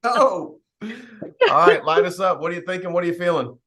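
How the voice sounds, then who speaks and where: A man's voice: high-pitched, normal speed, crowd noise. A man leading a team call, giving a fired-up motivational talk, acting out what other people say and laughing often. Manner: animated, acts out quoted people; laughs often, rambling restarts. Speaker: team leader hosting a call.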